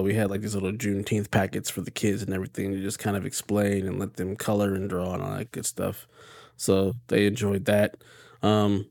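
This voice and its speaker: A man co-hosting a casual podcast chat, talking in a relaxed, matter-of-fact way. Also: fairly low pitch, creaky, no echo, clean studio sound. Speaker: podcast co-host.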